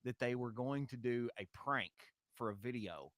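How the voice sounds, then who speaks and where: A man co-hosting a casual political chat show, retelling stories in an animated way. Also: medium pitch, moderate pace, no echo, studio quality. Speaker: co-host.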